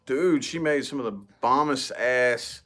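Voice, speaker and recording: Laid-back bright-voiced man chatting. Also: mid-range voice, unhurried. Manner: laid-back, swearing, slangy. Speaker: co-host. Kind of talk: casual chat.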